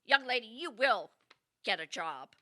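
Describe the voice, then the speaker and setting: A woman's voice: on the high side, lively intonation, a little slow, pushed and bright. A woman doing her stern scolding grandma. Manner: scolding, repeating herself.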